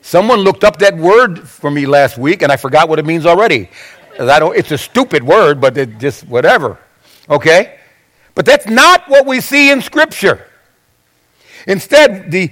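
A man's voice: high-pitched, a bit bright. A male pastor preaching a sermon, acting out Bible quotes with frequent restarts.

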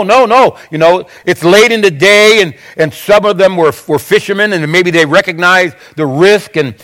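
A man's voice: sits high, a bit bright. A male pastor preaching a sermon, acting out Bible quotes with frequent restarts.

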